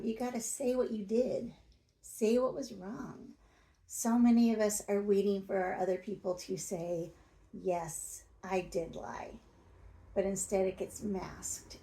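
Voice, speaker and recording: A woman's voice: mid-range voice, steady tone, measured pace, vocal fry, dark tone, rough recording. A woman talking straight to her audience in a coaching, plain-spoken advice monologue. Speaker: self-help video host.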